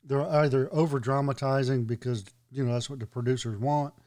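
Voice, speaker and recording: A man's voice: mid-range voice, steady tone, brisk, a little mellow. A man in casual podcast chat, telling stories with a wry, sarcastic edge.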